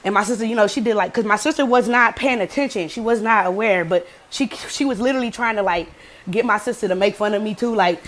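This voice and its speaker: A woman's voice: mid-range voice, fairly quick. A young adult woman vlogger casually telling a story, cursing freely and acting out quotes. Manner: profane, animated storytelling with acted quotes.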